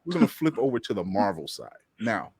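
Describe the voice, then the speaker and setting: A man co-hosting a casual chat, animated, laughing often and acting out quotes. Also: lowish voice, fairly quick, breathy edge, no echo, studio quality. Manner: animated, laughs a lot, mock-quotes others.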